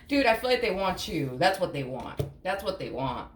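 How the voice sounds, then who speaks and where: A woman's voice: fairly low pitch, big pitch swings, unhurried. A woman giving a casual, blunt tarot reading, swearing freely and acting out imagined reactions. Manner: acts out imagined reactions in quotes. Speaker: tarot reader. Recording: echoey room with faint hum.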